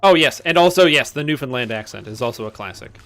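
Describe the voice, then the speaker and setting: A man's voice: mid-range voice, lively intonation, fast, fairly bright tone, faint music behind. A man streaming a game, chatting casually and rambling with many fillers. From Canada. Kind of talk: casual gaming chat.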